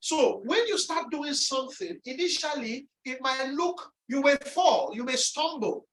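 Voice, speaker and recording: A woman's voice: sits high, expressive, unhurried, a bit bright. A woman giving a motivational lecture, speaking emphatically, repeating key phrases and acting out inner voices. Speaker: speaker presenting on resilience. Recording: echoey room, distant mic.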